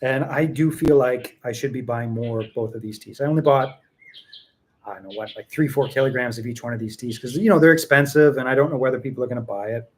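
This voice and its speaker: A man's voice: mid-range voice, fast. A man hosting a casual tea tasting chat, rambling and repeating himself for emphasis. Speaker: tea seller and show host.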